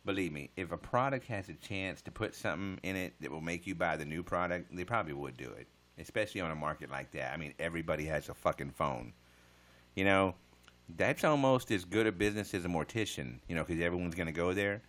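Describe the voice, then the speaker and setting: Deep-voiced joking man on a livestream. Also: expressive, fast talker, a bit bright. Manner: joking, profane smart-aleck banter. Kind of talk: casual livestream chat answering viewer comments.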